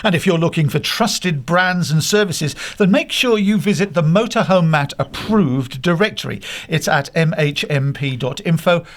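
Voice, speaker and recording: Gravelly, higher-voiced male co-host. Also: expressive, moderate pace, hardly any pauses. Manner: jokey, reads listener messages aloud. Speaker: podcast co-host. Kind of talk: casual podcast chat.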